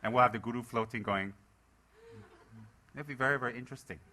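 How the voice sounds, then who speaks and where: A man's voice: medium pitch, fast, sharp tone, slight background noise. A man giving a playful Dharma talk as a Buddhist teacher, teasing his students with jokes. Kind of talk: joking Dharma talk to a live audience.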